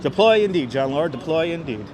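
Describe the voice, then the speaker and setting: A man's voice: on the high side, expressive, brisk, crowd noise, background noise. A man hosting a walking city livestream, upbeat, greeting viewers by name as he reads the chat, on a clip-on mic. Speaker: livestream host. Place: city streets and a large indoor station hall. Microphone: wireless clip-on mic.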